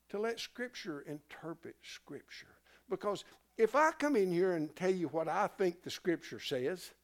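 Animated man teaching a Bible class. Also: high voice. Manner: animated, self-interrupting, asks the class questions.

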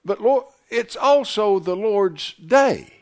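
A man's voice: high voice, lively intonation, slow. A man preaching a sermon, emphatic, firing questions at the congregation. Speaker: pastor.

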